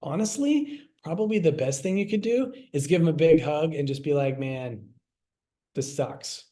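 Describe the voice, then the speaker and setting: A man's voice: fairly high pitch, lively intonation, moderate pace, dark tone. A middle-aged man giving a casual class, talking conversationally, repeating himself and acting out little quoted lines. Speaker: health class presenter. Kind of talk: casual teaching talk.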